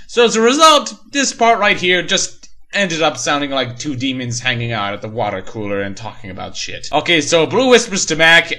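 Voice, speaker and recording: A man's voice: a little high, pushed and bright. A man reading a horror story aloud for comedy, breaking in with sarcastic, mocking asides. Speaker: story reader and reviewer.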